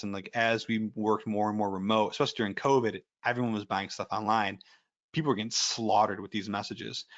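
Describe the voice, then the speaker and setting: A man's voice: fairly low pitch, fairly bright tone, muffled recording. Rambling man presenting a webinar. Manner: rambling, anecdotal, many fillers. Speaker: presenter, ethical hacker.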